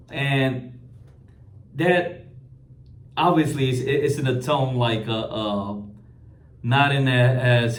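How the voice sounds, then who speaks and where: A man giving casual commentary on a video, halting and restarting often with repeated words. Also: medium pitch, echoey room.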